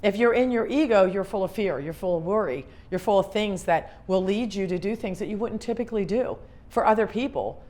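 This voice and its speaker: A woman's voice: medium pitch, brisk, few pauses, a little mellow. A middle-aged woman, a grief specialist, giving an earnest motivational talk to an audience, repeating her questions for emphasis.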